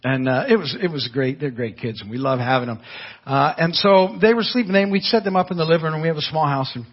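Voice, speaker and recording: A man's voice: a little high, fast talker, husky. An older man preaching a sermon as pastor, telling folksy stories with frequent restarts. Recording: dull lo-fi church audio.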